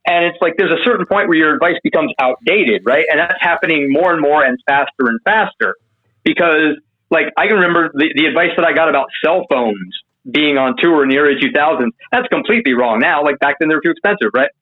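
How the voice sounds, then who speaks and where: Guest, male, higher voice, tells stories with lots of swearing and acted-out quotes; thin phone-line sound. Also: fast. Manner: animated, profane, acts out quotes in a higher voice. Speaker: interview guest. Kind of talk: casual storytelling.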